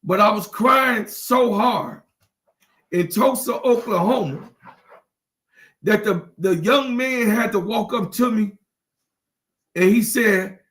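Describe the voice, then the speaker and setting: Host, man, high voice, slow delivery, impassioned and repetitive, close to tears. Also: a bit bright. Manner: preachy, repetitive, emphatic; emotional, near tears. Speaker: channel host. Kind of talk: impassioned livestream talk.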